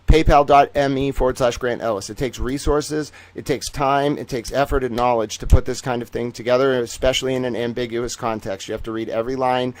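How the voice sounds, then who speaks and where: A man hosting an independent news livestream, reading through court documents with excitable, profane commentary that swings between loud outbursts and low muttering, and slowing right down for the big reveals. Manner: slow, drawn-out announcer-style delivery for the big reveals. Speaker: independent journalist and show host.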